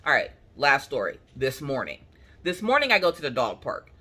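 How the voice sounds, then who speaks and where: A woman crafting-channel host from Pennsylvania, telling a story in casual chat, animated and colloquial, acting out what people said. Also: a bass voice, moderate pace, husky. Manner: animated, colloquial, acts out quotes.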